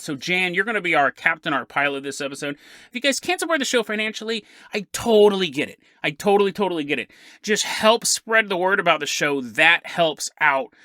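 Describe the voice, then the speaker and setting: Male podcast host, animated joking storyteller; bright, forward tone. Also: sits high, no room sound, clean studio sound. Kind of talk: casual storytelling narration.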